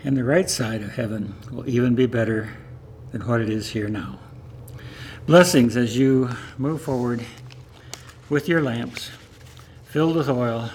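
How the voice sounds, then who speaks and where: A man as pastor giving a sermon in calm, gentle short phrases. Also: mid-range voice, a little hiss or hum.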